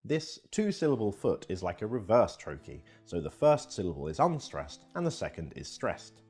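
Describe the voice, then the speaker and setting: A man's voice: lowish voice, very animated, normal speed, a little mellow, slightly rough, faint music behind. A man giving scripted educational narration, reading expressively.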